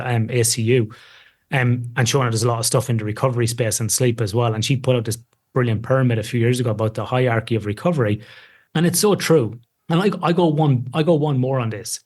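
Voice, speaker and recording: A man speaking as a guest researcher in a casual podcast conversation, animated and emphatic, with a self-deprecating streak. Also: mid-range voice.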